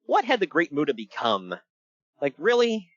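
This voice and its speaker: A man's voice: on the high side, moderate pace, dry recording, lo-fi sound. A man co-hosting a casual podcast, joking and laughing as he recaps a wrestling show. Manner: joking, animated, laughs often. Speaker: podcast co-host.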